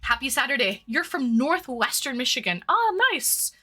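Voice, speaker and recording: A woman's voice: sits high, lively intonation, moderate pace, bright, forceful tone. A woman from Toronto hosting a casual livestream, greeting viewers by name in a bubbly, chatty way, her nose running from hot sauce. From Toronto, Canada. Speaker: livestream host.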